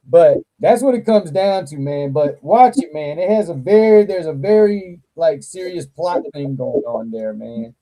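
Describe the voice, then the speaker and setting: A man hosting a casual live toy chat, talking with animated, profane energy and frequent laughter. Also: a little high, rough recording. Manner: animated, profane, laughs a lot, slow drawl. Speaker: toy channel livestream host.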